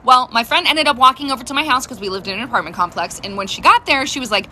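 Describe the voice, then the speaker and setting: A woman telling a funny childhood story in a casual, animated way. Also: sits high, fast, hardly any pauses, a little hiss or hum.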